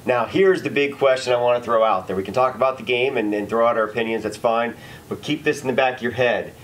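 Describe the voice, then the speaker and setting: A man co-hosting a casual sports debate, animated and argumentative, swearing freely as he makes his points. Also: mid-range voice, fast talker, slight background noise, poor audio. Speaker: sports debate show host.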